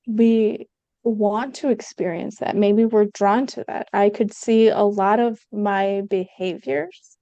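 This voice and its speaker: Slow, gravelly woman guest. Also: medium pitch, steady tone, mellow, no echo. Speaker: podcast guest. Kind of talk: casual conversation. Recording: dull, dry lo-fi sound.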